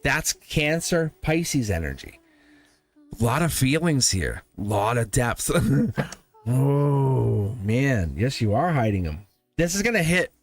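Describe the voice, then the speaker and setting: A man's voice: medium pitch, sing-song, takes it slowly. A man hosting a live tarot reading, playful and laughing often as he talks to his viewers. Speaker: tarot reader and live stream host.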